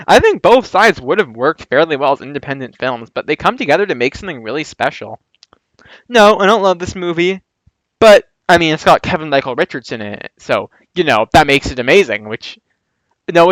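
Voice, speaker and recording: A man's voice: a little high, a bit bright, dry recording, rough recording. A man giving casual film-ranking commentary, rambling and chatty, often correcting himself mid-sentence. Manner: rambling, chatty, self-correcting with quick laughs. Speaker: movie reviewer.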